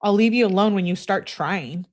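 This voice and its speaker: A woman with a mid-range, slightly mellow, natural voice reads aloud at a moderate pace the texts a pushy young woman sent her boyfriend. She uses a demanding tone and spells out the curse words as letters.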